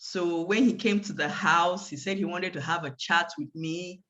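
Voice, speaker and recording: A woman's voice: on the low side, moderate pace, fairly bright tone, lo-fi sound. A woman giving a guest talk on a video call, telling a personal story vividly and acting out the dialogue. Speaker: guest speaker.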